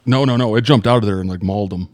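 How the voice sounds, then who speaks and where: A man co-hosting a podcast in casual chat, halting and searching for words. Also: fairly low pitch, a little mellow, dry recording, clean studio sound. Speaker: podcast co-host.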